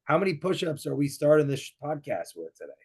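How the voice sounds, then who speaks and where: A man hosting a podcast, relaxed and jokey, asking his guest questions in casual chat. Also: fairly high pitch, brisk, breathy edge. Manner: relaxed, jokey, laughs easily. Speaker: podcast host.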